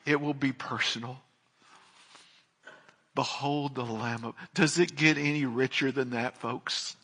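Bright-voiced male preacher. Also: mid-range voice, fairly even intonation, unhurried, breathy edge. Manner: reads scripture aloud, then preaches with rising emphasis. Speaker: pastor. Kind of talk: sermon with Bible reading and prayer.

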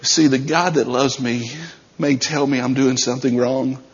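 A man preaching a sermon as pastor, swinging between shouted passages and quieter talk. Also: medium pitch, steady tone, moderate pace, breathy edge, highs cut off.

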